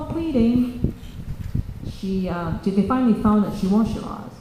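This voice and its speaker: A woman's voice: mid-range voice, lively intonation, noisy background. A woman telling a children's story in a church, stopping and restarting her sentences often. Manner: halting, with many fillers and restarts. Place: church hall. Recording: echoey church hall.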